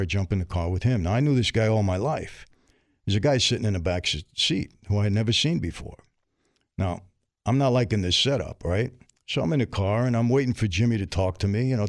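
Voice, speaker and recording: A man's voice: fairly low pitch, no echo. A middle-aged man, a guest in a studio interview, telling his story candidly and acting out the dialogue. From New York. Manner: streetwise, vivid, acts out dialogue.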